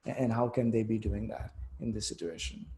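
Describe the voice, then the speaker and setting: A man with a mellow, warm tone moderates a panel. He asks his questions in a measured, searching way. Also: fairly low pitch, vocal fry. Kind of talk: interview questions.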